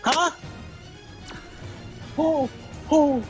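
A man's voice: very high-pitched, steady tone, extremely slow, soft background music. A man chatting while playing an online game with a friend, joking, exclaiming and laughing often. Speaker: gamer. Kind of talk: casual gaming chat.

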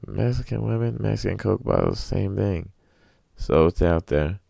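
A man's voice: sits low, moderate pace, gravelly, mellow, no echo, studio quality. A man hosting a solo podcast, rambling through crude, joking, self-mocking rants. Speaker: podcast host.

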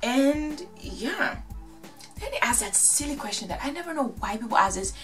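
A woman's voice: sits high, moderate pace. Chatty woman doing a tv recap vlog, bit far from the mic, faint music under. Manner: gossipy, animated, acts out quotes. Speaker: reality TV recap vlogger.

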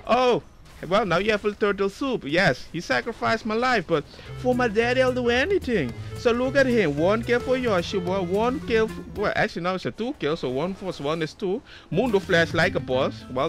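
An excitable man joking his way through gameplay commentary. His voice sits high and swoops around constantly. Faint background music runs beneath him. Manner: excitable, jokey and enthusiastic. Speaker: video creator.

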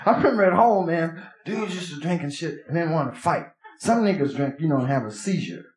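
Profane stand-up comic in an echoey club. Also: male voice, fairly high pitch, lively intonation, brisk. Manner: profane, streetwise storytelling. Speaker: stand-up comedian. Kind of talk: live stand-up routine. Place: nightclub stage. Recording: echoey club with crowd laughter.

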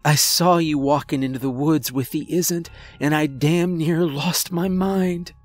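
A man's voice: on the high side, steady tone, unhurried, no echo, faint music behind, pitched above the performer's own voice. A man voicing a worried, fiercely protective old grandmother in a horror story reading, urgent in tone.

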